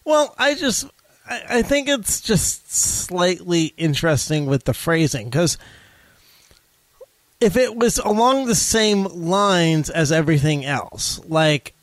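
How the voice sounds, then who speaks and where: A man's voice: high voice, lively intonation, slow, no echo. A young man co-hosting a casual podcast, talking things through with hesitant restarts and fillers. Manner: hesitant, restarts and fillers while reasoning aloud. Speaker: podcast co-host.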